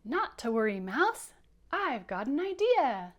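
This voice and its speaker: Woman doing a raised, eager storybook rabbit, impulsive boy, bright and keen. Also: high-pitched, expressive, moderate pace, highs cut off, pitched above the performer's own voice. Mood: excited. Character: excited young male rabbit, eager and impulsive.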